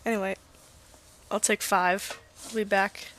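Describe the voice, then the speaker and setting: A young woman streaming a game, talking in a relaxed, offhand way. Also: medium pitch, measured pace, a little hiss or hum. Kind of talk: casual gaming chat.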